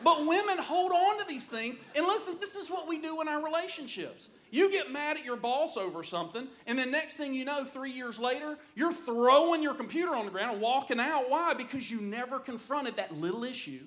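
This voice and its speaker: A middle-aged man preaching a sermon as pastor, in an animated, joking storytelling manner. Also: extremely high pitch, a little fast, few pauses.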